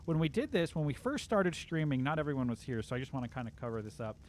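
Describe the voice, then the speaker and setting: A man's voice: medium pitch, big pitch swings, quick pace, slight background noise. A man chatting casually on a live game stream, rambling with lots of fillers.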